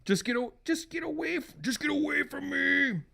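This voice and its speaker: A man reading aloud and voicing an angry, possessed husband in an overwrought, shouting way. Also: extremely high pitch, moderate pace, creaky, pitched above the performer's own voice, full character voice. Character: furious possessed husband, adult man, snarling.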